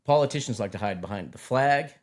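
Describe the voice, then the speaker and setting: A middle-aged man in casual chat, telling stories in an animated way and often repeating his words. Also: mid-range voice, quick pace.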